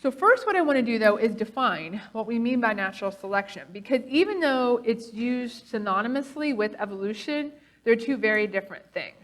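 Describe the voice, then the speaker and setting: A woman giving a lecture presentation, animated and emphatic, checking in with the audience with frequent "okay?" and "right?", sometimes sardonic. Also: fairly high pitch, fairly quick. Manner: sardonic, laughs at opposing claims.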